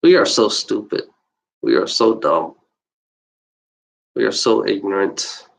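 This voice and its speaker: On a livestream, a video blogger with a fairly low, gravelly voice rants slowly and off the cuff in a rough recording. He's heated and profane, repeats himself, and tags line after line with "you know."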